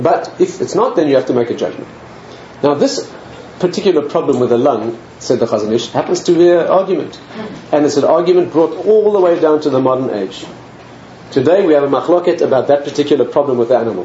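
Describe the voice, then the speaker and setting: A man's voice: on the high side, slight background noise. A man, a rabbi, telling stories in a humorous lecture and acting out the characters. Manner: animated, acts out the characters, chuckles at his own jokes. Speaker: rabbi giving a talk. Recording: roomy, slightly muffled recording.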